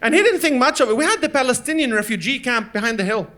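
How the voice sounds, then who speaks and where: High-voiced male stand-up comic. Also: expressive, fast talker, pushed and bright. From Lebanon. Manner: storytelling, acting out his parents in voices. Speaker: stand-up comedian. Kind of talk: stand-up comedy set. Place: comedy stage before a laughing audience.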